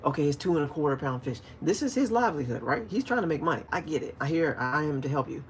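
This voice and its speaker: A man from the DC, Maryland, Virginia area hosts a relaxed fishing livestream, talking directly and easily to viewers and reading their comments. He speaks fast in a fairly high voice, tells stories with animation, and sometimes breaks into loud, acted-out shouted calls. A faint hiss of noise runs beneath his voice.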